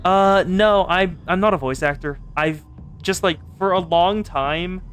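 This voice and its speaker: A man's voice: sits high, a little slow, fairly bright tone, soft background music. A man from California streaming a video game, reading its dialogue aloud and chatting playfully, fond of doing funny voices.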